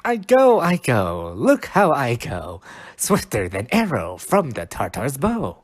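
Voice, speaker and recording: A man cold-reading the lines of a mischievous male fairy sprite from old verse, slowly and carefully, stumbling over the old words. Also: medium pitch, huge pitch swings, exaggerated voice.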